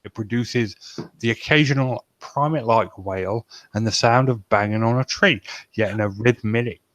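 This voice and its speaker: Low-voiced man reading news wryly. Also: moderate pace, fairly bright tone, no room sound. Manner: wry, swears freely. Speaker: podcast host. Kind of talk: reading news aloud with banter.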